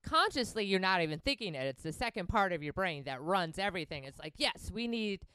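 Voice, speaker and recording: A young woman comedian with a Wisconsin accent chats and jokes with a friend, laughing often. Her voice is smooth and clear, her pitch swings widely, and the sound is dry and close. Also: lively intonation, fast talker, bright, forceful tone, no room sound. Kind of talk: casual podcast chat.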